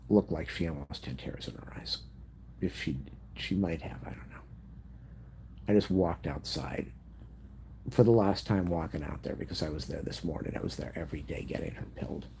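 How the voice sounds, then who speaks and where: A grieving man telling a personal story in a vlog, emotional and halting, at times dropping into a whisper. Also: sits low, gravelly, dark tone, a little hiss or hum. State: grieving, on the edge of tears.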